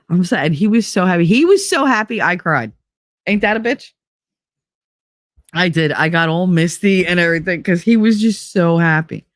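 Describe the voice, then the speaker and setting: A middle-aged woman hosting a podcast, telling a story in casual chat, animated and often laughing as she quotes others. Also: low voice, no room sound, studio quality. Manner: animated, laughing, quoting others in raised voices. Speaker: podcast host.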